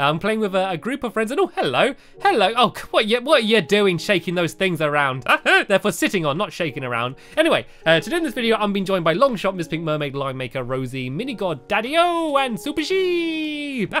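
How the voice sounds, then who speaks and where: A young man chatting casually as he plays a video game, giggling often and filling pauses with "uh". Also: a little high, fairly bright tone. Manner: chatty, giggly, with many "uh" fillers. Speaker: gaming YouTuber.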